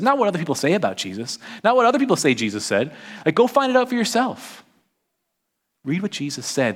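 A man preaching a conversational sermon at a church service, chatty and informal, often tagging his points with "right?" and "like". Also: a little high. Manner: chatty, peppers talk with "right?" and "like". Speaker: pastor.

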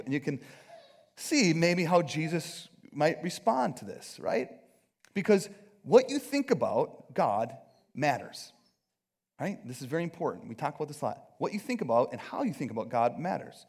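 A man preaching a conversational sermon, animated, acting out quotes and often checking in with his listeners. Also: on the high side, moderate pace, husky. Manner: animated, acts out quotes, keeps asking "right?". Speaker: pastor.

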